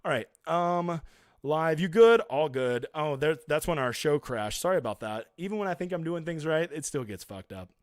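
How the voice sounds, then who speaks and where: A man's voice: a little high, animated, moderate pace, no room sound, clean studio sound. Chatty man hosting a live stream. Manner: chatty, reads viewer comments aloud and answers them; emphatic and blunt. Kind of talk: casual live-stream chat.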